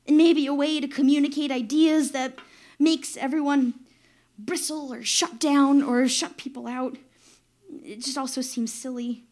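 A woman in her thirties telling a personal story in a wry, self-deprecating way, often breaking into laughter. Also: high-pitched. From New York.

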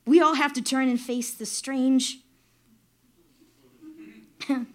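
A woman in her thirties tells a personal story from her own life, her voice sitting high in pitch. She talks in a wry, self-deprecating way. Laughter keeps slipping in between her lines. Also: steady tone, slow pace. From New York.

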